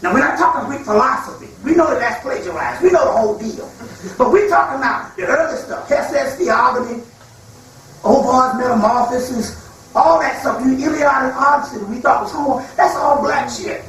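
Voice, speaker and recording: A man giving a freewheeling spiritual lecture, emphatic and profane, with mocking asides and quick put-on quotes. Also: extremely high pitch, a bit bright. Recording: echoey hall, far from mic.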